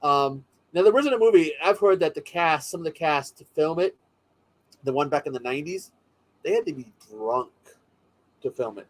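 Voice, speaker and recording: A man hosts a casual chat and rambles with enthusiasm, often restarting mid-sentence. His voice sits fairly high for a man. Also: expressive, normal speed, low-quality recording.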